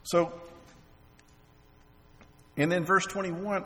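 A man preaching a sermon as pastor, halting and repeating words while he asks the congregation questions. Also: medium pitch, lively intonation. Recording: long reverb of a large hall.

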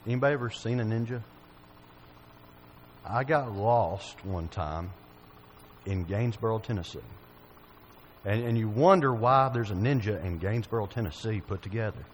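A man's voice: on the low side, expressive, moderate pace, long pauses, a little hiss or hum, low-quality recording. A man preaching a sermon, telling a folksy personal story and asking his listeners questions.

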